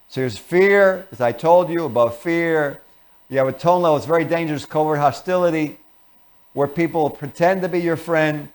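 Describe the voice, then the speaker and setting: A man hosting a talk show, explaining ideas and acting out short example conversations in different voices. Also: on the high side. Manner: explains with acted-out example dialogues. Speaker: show host.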